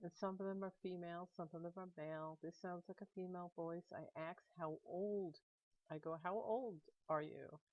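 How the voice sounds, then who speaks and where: A woman's voice: on the low side, steady tone, moderate pace, no echo, dull audio. A woman narrating her paranormal vlog in a plain, chatty way, explaining things step by step. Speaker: paranormal vlogger. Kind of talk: casual narration over clips.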